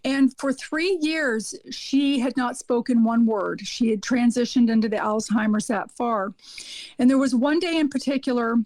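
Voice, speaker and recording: A woman with a high, light voice tells earnest stories as a podcast guest, circling back with ums and repeated words as she goes. The sound is close and dry, with no room around it. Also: moderate pace, darkish tone, dry recording. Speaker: podcast guest, hospice nurse. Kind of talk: casual podcast conversation.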